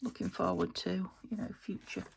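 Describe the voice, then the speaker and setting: A British woman crafting a journal, talking to herself as she works and often trailing into soft half-whispers. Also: on the low side, steady tone, moderate pace, creaky, noisy background. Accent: British English. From United Kingdom. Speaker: craft channel host. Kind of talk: casual crafting commentary.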